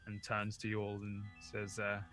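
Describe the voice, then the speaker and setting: Male dungeon master, bright tone, casual and chatty narration, faint music underneath. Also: fairly low pitch, monotone, moderate pace. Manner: casual, laughs often, uses fillers like "like" and "uh". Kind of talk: narrating and voicing NPCs in a tabletop game.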